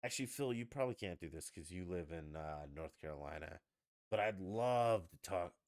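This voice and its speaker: A man hosting a podcast livestream, ranting casually with lots of swearing and sudden loud outbursts. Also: low-pitched, moderate pace. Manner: profane, ranting, animated outbursts. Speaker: podcast host.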